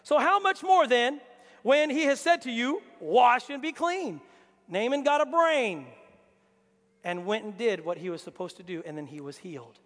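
High-voiced man preaching in a reverberant hall. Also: normal speed. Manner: animated, acts out Bible characters in character voices. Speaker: pastor. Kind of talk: lively sermon. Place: church hall. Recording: long reverb of a church hall.

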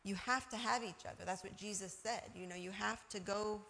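A woman's voice: medium pitch, steady tone, moderate pace, vocal fry. A woman sharing everyday examples in a casual faith discussion, often asking "you know". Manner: warm storytelling with everyday examples and laughs.

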